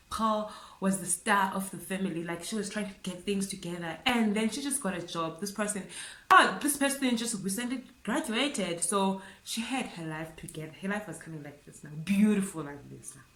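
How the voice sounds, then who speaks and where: A woman's voice: medium pitch, a bit bright. Emotional South African woman in an echoey room. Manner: tearful, halting, repeats herself, fillers like "like" and "guys". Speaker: vlogger. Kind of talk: emotional storytelling to camera.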